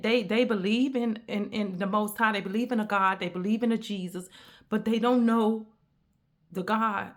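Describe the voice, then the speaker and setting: A woman giving an emphatic, repetitive inspirational message in a preacher-like cadence. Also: on the high side. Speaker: spiritual content creator.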